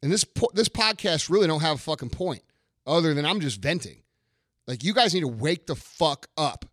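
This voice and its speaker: A man's voice: fairly high pitch, animated, normal speed, no echo, studio quality. Blunt, profane man ranting. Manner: blunt, profane, forceful, repeats lines for emphasis. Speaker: podcast host. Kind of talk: profane motivational rant.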